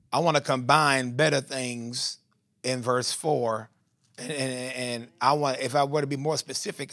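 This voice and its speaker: A man's voice: mid-range voice, a bit bright, no echo, studio quality. A man, a pastor reading scripture, preaching and praying with rising emphatic bursts. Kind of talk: sermon and prayer.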